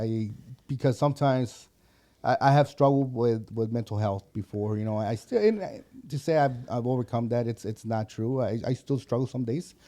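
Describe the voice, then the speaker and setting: A man speaking as a guest on a talk show, earnest and halting, often restarting and filling with "you know". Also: medium pitch, warm tone. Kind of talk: casual interview conversation.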